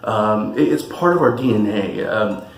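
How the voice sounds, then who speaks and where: A Californian man hosting his own channel gives an enthusiastic, chatty spirits tasting review in an animated voice on the low side, at a moderate pace. The room is echoey, with faint music in the background.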